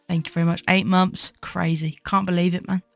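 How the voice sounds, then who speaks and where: A woman's voice: on the low side, gravelly. A young woman streaming as a VTuber, chatting casually while she draws, giggling often, swearing freely and poking fun at herself. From United Kingdom.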